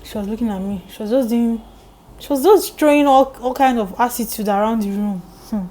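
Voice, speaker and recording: A young Nigerian woman vlogger telling a story in lively, emphatic casual chat. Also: fairly high pitch, brisk, slight background noise, low-quality recording.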